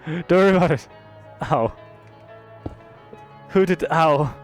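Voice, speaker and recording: A young British man commenting casually on a game he is playing, swearing and reacting loudly to what happens on screen. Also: on the high side, takes it slowly, faint music behind. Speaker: streamer.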